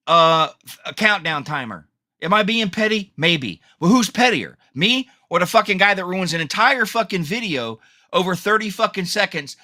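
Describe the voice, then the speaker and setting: The host of a solo podcast, a man with a high, pushed and bright voice, launches into an angry rant packed with swearing.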